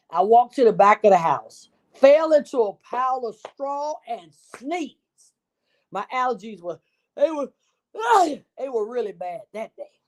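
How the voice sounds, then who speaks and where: Woman reading a kids' story out loud, expressive, a bit high pitched. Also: unhurried.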